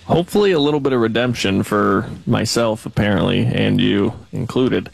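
Gravelly-voiced male radio producer. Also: fairly low pitch, moderate pace, soft background music. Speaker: video producer. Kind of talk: casual sports talk radio.

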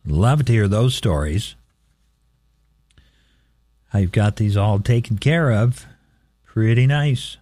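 A man's voice: on the low side, slow pace, long pauses, dark tone, no echo, clean studio sound. A man hosting a casual radio swap shop, reading listings and repeating phone numbers carefully.

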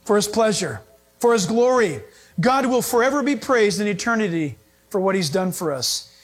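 A male pastor preaching a sermon, animated and acting out little scenes with humor. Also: sits high, moderate pace.

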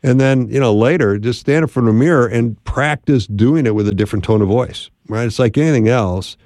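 A man's voice: medium pitch, a little fast, darkish tone, no room sound. A man hosting a radio call-in show and giving folksy, friendly relationship advice from the studio. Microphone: studio mic.

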